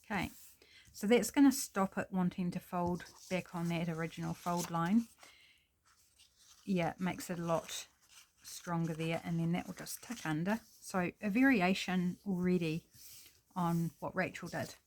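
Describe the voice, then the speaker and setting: A woman's voice: fairly low pitch, unhurried, slight background noise. A woman hosting a casual crafting tutorial at her table, thinking aloud and apologizing with self-deprecating chatter as she works. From New Zealand.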